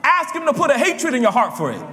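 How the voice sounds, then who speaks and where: Impassioned high-voiced preacher in a church hall. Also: male voice, huge pitch swings, fast. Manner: impassioned, swinging between low murmurs and shouts. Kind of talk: sermon. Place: church sanctuary.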